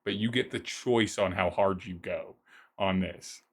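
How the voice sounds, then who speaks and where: A man narrating a tabletop roleplaying game as game master, describing scenes in a halting way with many restarts. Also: deep voice, breathy edge.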